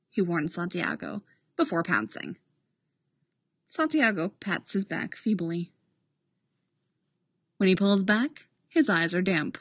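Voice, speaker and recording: Slow, expressive woman reading a story. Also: fairly low pitch, husky, no room sound. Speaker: reader. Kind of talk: reading fan fiction aloud.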